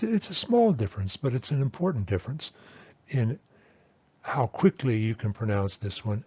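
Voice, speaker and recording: A man teaching pronunciation over slides, explaining patiently and methodically and modelling sounds slowly. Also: medium pitch, a little mellow, slightly rough, no room sound, muffled recording. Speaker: language teacher.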